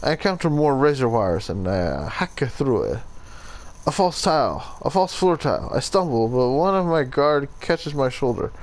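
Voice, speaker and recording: A man's voice: mid-range voice, sing-song, moderate pace, natural voice. A man doing a hammy mock-Italian swordsman. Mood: melodramatic. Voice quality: clumsy mock Italian accent that drifts toward Russian. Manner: melodramatic, over-the-top reading. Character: grim Italian swordsman recounting a trap-filled tomb.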